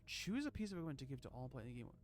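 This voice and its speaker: A man's voice: medium pitch, very animated, rapid-fire. A man streaming a game, chatting casually, reading game text aloud and laughing often. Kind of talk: casual gameplay commentary.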